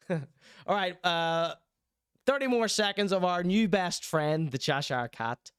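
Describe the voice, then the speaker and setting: Irish man, young, livestream host, teasing banter, slightly high voice, smooth clear tone, dry close sound. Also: animated, slow, fairly bright tone, no room sound. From Ireland. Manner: jokey, teasing, rambling banter. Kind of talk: live-streamed chat show, reading chat.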